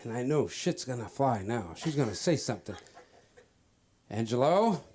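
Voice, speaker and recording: A man's voice: medium pitch, huge pitch swings, normal speed, darkish tone. A man doing a stand-up comedy set at an open mic, telling a story and acting out the voices of the people in it. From Cape Verde. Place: comedy club stage.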